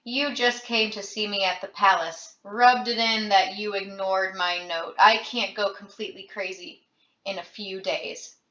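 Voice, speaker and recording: A woman reading as a young man slipping into madness, loud, bitter and raging, his voice bright and forceful. The reading sounds roomy and slightly dull, like a lo-fi home recording. It is a storybook reading. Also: medium pitch, fairly even intonation, unhurried. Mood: weary. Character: young man, feverish friend turning violent.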